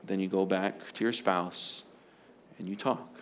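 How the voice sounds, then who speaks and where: A man's voice: sits low, fairly even intonation, unhurried, a little hiss or hum. A man preaching as a pastor, earnest and emphatic, often repeating his phrases for stress. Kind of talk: sermon on marriage.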